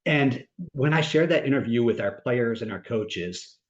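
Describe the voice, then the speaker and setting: A man at mid pitch talks through ideas on a podcast in a thoughtful, rambling way, pausing on fillers and repeating words as he finds his point. He works as a mental performance coach. The sound is a little dull and lo-fi. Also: lively intonation, echoey room. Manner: reflective, storytelling, frequent fillers and restarts. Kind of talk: podcast discussion, long explanation.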